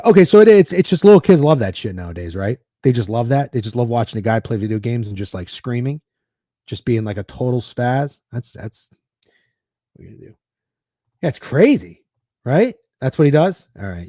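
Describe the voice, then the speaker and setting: A man rambles his way through a casual sports betting stream, sarcastic and swearing freely. His pitch swings up and down with lots of life. The sound is dry and close, with no room echo. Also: big pitch swings, fairly quick, dark tone. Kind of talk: casual livestream chat.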